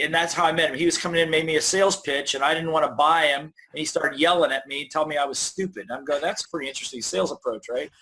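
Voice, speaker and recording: Energetic man telling stories in an interview. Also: on the high side. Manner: energetic storyteller, acts out inner voices. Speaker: guest author. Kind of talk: conversational interview.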